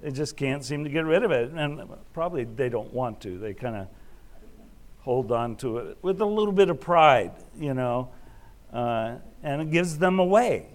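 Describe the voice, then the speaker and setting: Man, middle-aged, sermon, conversational storytelling, halting restarts. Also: fairly high pitch, expressive, a little mellow. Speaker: preacher. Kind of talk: sermon with personal stories. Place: Alaska.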